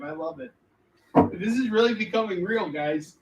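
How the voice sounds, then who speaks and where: A man's voice: high-pitched, expressive, a little slow, pauses often. A man, a comic book artist, rambling and joking through a casual livestream Q&A. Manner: joking, rambling, laughs often. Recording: distant mic, faint background noise.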